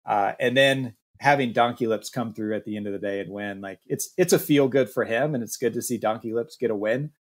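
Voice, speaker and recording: A man's voice: mid-range voice, a little fast, few pauses. Rambling, enthusiastic male podcast guest. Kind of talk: casual podcast chat.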